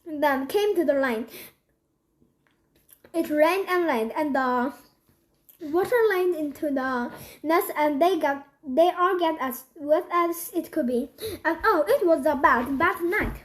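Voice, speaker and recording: A woman with a Korean accent reading a children's book aloud, halting often and repeating words as she restarts. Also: sits high. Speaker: reader.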